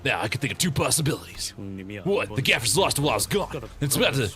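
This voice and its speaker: A man's voice: mid-range voice, very animated, fast talker, over music, lightly acted. A man doing a put-on British accent as a blunt, hot-headed young brawler. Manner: blunt, mocking, rough-spoken.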